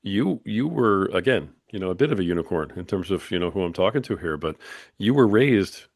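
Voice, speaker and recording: A man's voice: low-pitched, animated, a little fast, a little mellow, dry recording, studio quality. A man hosting a podcast, asking long, rambling questions full of "you know" and "uh". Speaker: podcast host. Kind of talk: casual interview chat.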